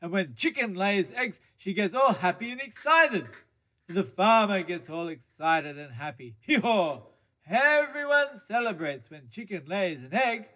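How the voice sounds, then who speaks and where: A man's voice: high-pitched, very animated, a little slow, sharp tone, exaggerated voice. A man voicing a glum, earnest male donkey puppet for a children's church segment, breaking his sentences with hee-haw brays. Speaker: kids' time puppet character.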